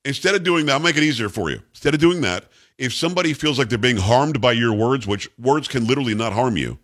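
A male talk radio host, mid-range and a bit bright in tone, delivers an opinionated monologue. He reads news pieces aloud and scoffs at them in a sarcastic, combative manner.

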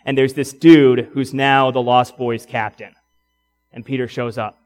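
A man's voice: mid-range voice, unhurried, soft background music. A young man preaching a sermon in a church, telling stories casually and laughing often. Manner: casual, animated storytelling with laughs. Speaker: pastor.

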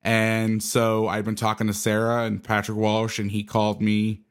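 A man's voice: lowish voice, monotone, normal speed, smooth. A man who coaches football, telling a casual story and acting out the conversations in it.

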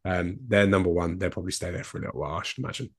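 A man's voice: low voice, fairly even intonation, rapid-fire, husky, dry recording, clean studio sound. A man with a Cockney accent co-hosting a sports podcast, chatty and enthusiastic. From England. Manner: chatty, enthusiastic, repeats himself when thinking. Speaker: podcast co-host. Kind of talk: casual sports chat.

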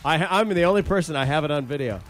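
A man's voice: a little high, very fast. A middle-aged man hosting a morning radio show, chatting casually and telling stories with frequent laughs into a studio mic. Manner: chatty storyteller, laughs often.

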